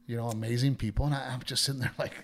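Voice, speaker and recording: A man's voice: medium pitch, racing. A male comedian telling a story in casual chat, quoting other people and swearing now and then. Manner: animated storyteller who quotes others in their voices, swears.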